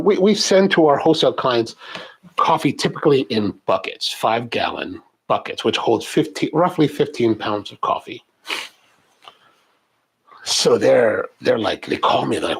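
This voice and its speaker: A middle-aged man with a husky, mid-range voice hosts a coffee channel, chatting casually and rambling through viewer questions with many restarts and asides.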